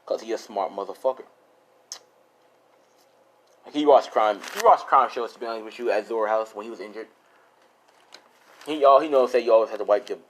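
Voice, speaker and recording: A man's voice: mid-range voice, rough recording. Young man rambling through a fan story. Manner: rambling, loose and casual with lots of fillers and swearing. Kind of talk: improvised fan-fiction storytelling.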